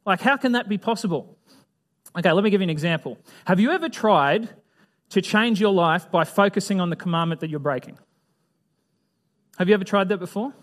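A man's voice: high-pitched, expressive, fairly quick, pauses often. A man teaching a Bible lesson in a chatty way, asking his listeners questions and acting out little scenes. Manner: chatty, asks the audience questions, acts out voices. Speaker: preacher.

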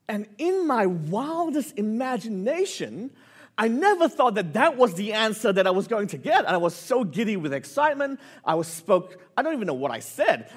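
A male preacher delivers a sermon in a lively, swinging voice. He tells a personal story and his pitch climbs as he gets excited. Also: a little fast, husky. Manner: animated storytelling, voice rising with excitement. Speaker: pastor.

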